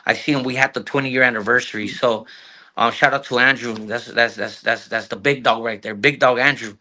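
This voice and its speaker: A man's voice: medium pitch, brisk. A man in his thirties with a South Los Angeles accent, a guest telling slangy, profane stories in a casual interview. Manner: slangy, profane, animated storyteller who acts out quotes. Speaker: guest actor.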